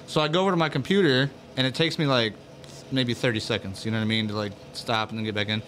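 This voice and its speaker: A man co-hosting a casual podcast from a garage, telling stories loudly and profanely, a little tipsy from drinks. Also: medium pitch, fast talker, a little hiss or hum. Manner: loud, profane, animated storyteller. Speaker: podcast co-host. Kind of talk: casual chat.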